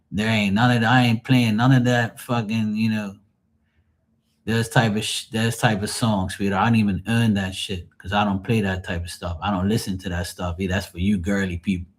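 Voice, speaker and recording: A man telling cruise stories on a livestream, casual, profane and animated. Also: fairly low pitch. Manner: profane, animated, mimics people. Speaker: tarot reader and streamer.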